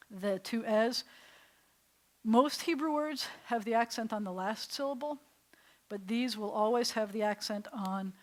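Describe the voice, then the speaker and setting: A woman, a rabbi teaching a small class in a classroom, chatty and step by step, often putting questions to her students. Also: medium pitch. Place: classroom with a small group seated.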